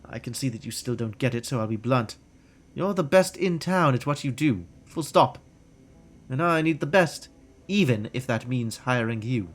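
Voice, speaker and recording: A man's voice: mid-range voice, expressive, moderate pace, natural voice. A man reading the lines of a pompous, disgraced male elf doctor aloud from a game, in a haughty, melodramatic manner. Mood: blunt.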